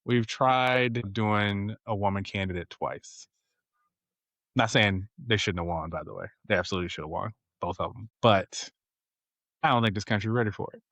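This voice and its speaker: A man's voice: lowish voice, moderate pace, fairly bright tone, no echo. A middle-aged man from rural Virginia, hosting a casual family podcast in a laid-back, joking way. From rural Virginia, USA. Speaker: podcast host and father.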